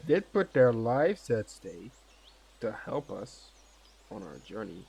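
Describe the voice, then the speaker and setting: A man playing in a casual tabletop game session, joking in a deadpan way. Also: medium pitch, slow pace, gravelly, a crowd in the background. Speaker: player.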